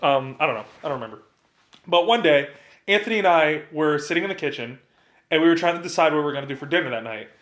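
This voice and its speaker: A man's voice: a little high, animated, quick pace, a bit bright. A young man from New Jersey, co-hosting a podcast and telling a rambling story in casual chat, often repeating himself. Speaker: podcast co-host. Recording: roomy echo.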